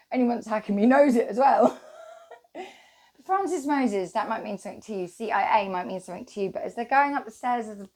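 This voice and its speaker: A woman's voice: medium pitch, a little mellow. A woman hosting her own channel, talking to viewers in a rambling, wandering monologue and swearing freely. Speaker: channel host.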